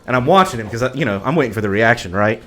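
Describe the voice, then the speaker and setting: A man's voice: mid-range voice, lively intonation, rapid-fire, a bit bright, slight background noise. Laid-back male podcast host. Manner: laid-back, profane banter. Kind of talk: casual chat.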